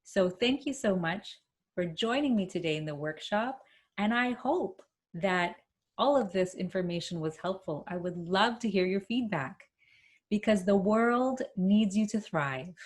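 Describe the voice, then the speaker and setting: Slow-speaking woman leading a vocal warm-up. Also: medium pitch, expressive, husky. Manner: encouraging, demonstrates humming and chants. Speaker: workshop presenter. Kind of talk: instructional workshop talk. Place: home, speaking to camera.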